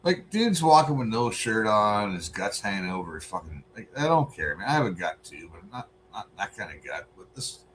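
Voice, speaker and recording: A man, co-host of a podcast, telling a profane, animated story in casual chat. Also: fairly low pitch, normal speed, hardly any pauses, slight background noise.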